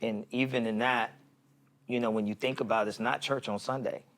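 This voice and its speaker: A man's voice: medium pitch, fairly even intonation, a little fast, fairly bright tone. A man co-hosting a faith podcast, talking in a reflective way that is full of restarts and repeated words. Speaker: podcast co-host. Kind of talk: casual discussion.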